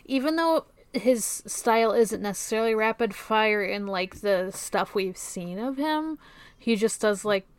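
A woman co-hosting a podcast in casual chat, rambling and trailing off quietly. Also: medium pitch, lively intonation, unhurried, smooth, no echo. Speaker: podcast co-host.

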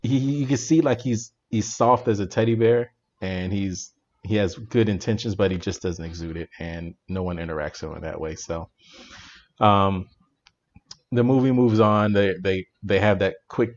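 Low-voiced man excitedly retelling a movie. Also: moderate pace, highs cut off. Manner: animated, laughing retelling with restarts. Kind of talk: casual movie review chat.

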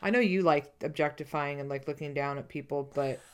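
A woman co-hosting a casual podcast, talking in quick, sarcastic, profane banter. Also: deep voice, smooth. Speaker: podcast co-host. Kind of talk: casual chat.

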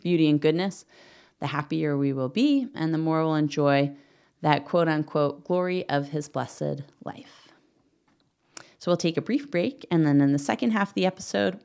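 Low-pitched middle-aged woman, podcast host; earnest, gentle prayer and teaching read.

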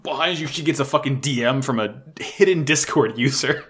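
A man excitedly recapping an anime episode in casual chat, swearing often and gushing like a fan. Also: medium pitch, a little fast.

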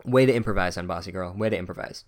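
A man's voice: sits low, racing. Sarcastic man recapping a book. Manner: sarcastic, profane.

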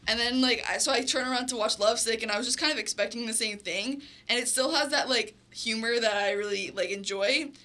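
A woman's voice: on the high side, a little fast, hardly any pauses, bright, forceful tone. A young woman from the American South, gushing about shows in casual chat. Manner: enthusiastic, gushing.

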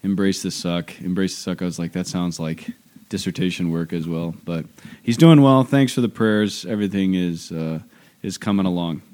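A young man chatting casually, telling lively stories and acting out children's voices. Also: sits low, moderate pace. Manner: animated storyteller, acts out kids' voices. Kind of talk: casual chat.

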